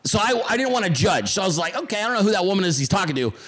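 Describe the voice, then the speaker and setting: A man's voice: high-pitched, sing-song, rapid-fire, fairly bright tone. A man hosting his own show, telling a rambling, profanity-laced story with quoted voices in a casual monologue. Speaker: podcast host.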